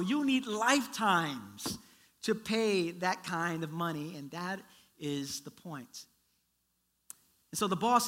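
A man preaching a sermon, telling a story in a lively way and acting out its characters. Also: high-pitched. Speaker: pastor.

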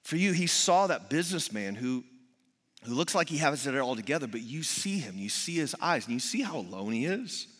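A man's voice: medium pitch, big pitch swings, fairly quick, a bit bright, breathy edge, big-room sound. A male pastor preaching a sermon, telling personal stories with humor and acting out quotes energetically.

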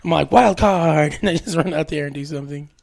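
A man's voice: on the high side, very fast, creaky, a little hiss or hum. A man co-hosting a podcast, laughing often as he tells stories in casual chat. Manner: laughs often, animated storytelling. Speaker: podcast co-host.

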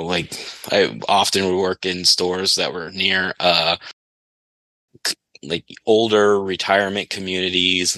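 A man with a low voice and a bright, forceful edge rambles through a long story in casual podcast chat, laughing along the way. His voice is recorded close and dry. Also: no room sound, rough recording. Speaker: podcast guest.

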